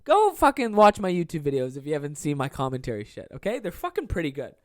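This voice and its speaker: A man's voice: fairly high pitch, wildly swooping pitch, fast, no echo. Young male comic hosting solo podcast; rambling, swears constantly, self-deprecating; dry close sound. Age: 20s. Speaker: podcast host and stand-up comedian. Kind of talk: casual solo podcast monologue.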